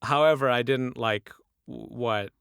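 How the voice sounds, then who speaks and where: A man's voice: mid-range voice, a little slow, gravelly, fairly bright tone, clear, resonant tone, no room sound, clean studio sound. A young man from Michigan, a podcast guest talking casually, telling stories with lots of fillers and restarts. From Michigan, USA. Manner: chatty, filler-heavy storytelling with many restarts. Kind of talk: casual interview chat.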